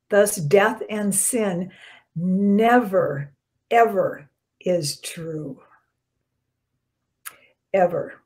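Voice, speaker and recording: A woman minister delivers a short spiritual message in an easy, conversational preaching manner. Her voice sits mid-range, trailing off at line ends and then lifting with emphasis. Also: mid-range voice. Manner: conversational, warm-hearted preaching with soft dropped endings and bursts of emphasis. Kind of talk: short spiritual talk to camera.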